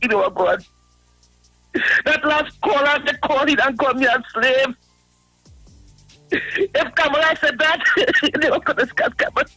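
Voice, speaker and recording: A man calling in to a radio show, ranting in a high voice, laughing through his words and mocking a critic again and again. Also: moderate pace, long pauses, sharp tone, no room sound, soft background music, poor audio. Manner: repetitive, mocking, addresses a critic by name. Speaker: radio caller. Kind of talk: ranting call-in. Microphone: phone line.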